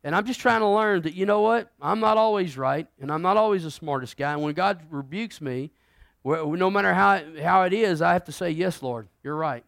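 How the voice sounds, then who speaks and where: Middle-aged male pastor, casual sermon, fairly high voice, dry close sound, big swings in volume. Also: fairly quick, vocal fry, no room sound. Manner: conversational preaching, swings between loud emphasis and quiet.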